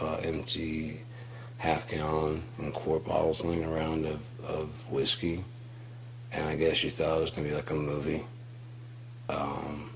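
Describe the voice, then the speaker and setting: Deep-voiced man ranting profanely. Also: creaky, a little hiss or hum. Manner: profane, rambling, storytelling with acted quotes. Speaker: host. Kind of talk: casual monologue rant.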